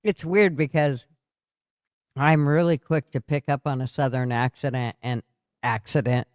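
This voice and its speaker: A man's voice: a little high, unhurried, dry recording, studio quality. An older man hosting a casual chat, laughing a lot. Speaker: podcast host.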